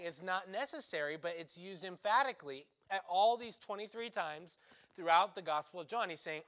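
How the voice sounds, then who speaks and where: A man giving a sermon as a priest. He speaks in short, conversational phrases, often adds "right?", restarts his sentences and stresses key words with sudden bursts of loudness. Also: high voice, animated, moderate pace. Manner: restarts and corrects himself mid-sentence.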